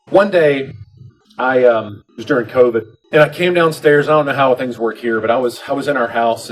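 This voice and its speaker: Poor audio captures a middle-aged man's mid-range voice as he gives a motivational address at a convention hall. He tells stories with humor, lively and playing out the dialogue.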